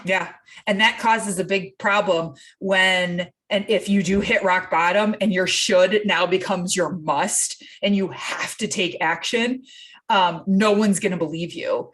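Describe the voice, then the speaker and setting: A woman fitness coach talking casually as a podcast guest, animated and acting out other people's quotes as she tells stories. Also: mid-range voice, a little slow. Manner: animated storytelling, acts out quotes.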